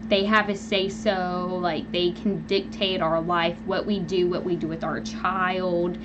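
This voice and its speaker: Young woman on a home livestream, rambly and animated, lots of ums and likes. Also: on the low side, unhurried, background noise. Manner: rambling, animated storytelling with frequent fillers. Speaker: live-stream host. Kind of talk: casual venting live chat. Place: at home, indoors.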